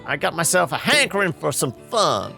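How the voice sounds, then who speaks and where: A man reading a game's lines as a belligerent hillbilly man with a loud put-on country drawl. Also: fairly high pitch, sing-song, normal speed, gravelly, faint music behind, voice pushed up, full character voice. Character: gruff adult man, pickup-truck hillbilly, hostile.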